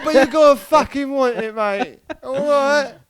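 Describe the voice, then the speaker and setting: An Irish man putting on a loud, fired-up youth soccer coach giving a pep talk. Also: very high voice, a little slow, a crowd in the background, pitched above the performer's own voice.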